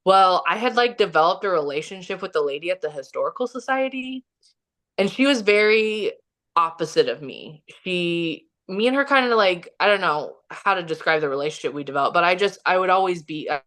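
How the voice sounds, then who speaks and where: A woman with a slightly low voice tells a personal story on a podcast. She rambles and fills her sentences with "like" and restarts, and she acts out other people's lines as she goes. The delivery is casual and conversational. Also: animated, fairly quick, a bit bright. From Kansas City, Missouri. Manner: rambling, filler-heavy, acts out quoted dialogue. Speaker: podcast guest.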